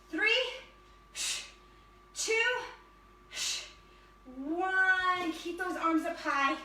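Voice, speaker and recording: A woman leading an energetic yoga fitness class, cheering and counting down reps, slightly out of breath. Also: very high-pitched. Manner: upbeat, encouraging, counts down reps. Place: yoga studio. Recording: echoey room from a distance.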